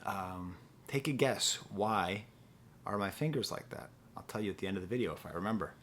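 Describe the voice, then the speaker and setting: A man's voice: lowish voice, animated, a little fast, a bit bright, a little hiss or hum. Rambling, playful male music reviewer. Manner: rambling and playful, with lots of "like" and sung snippets. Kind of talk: casual video review.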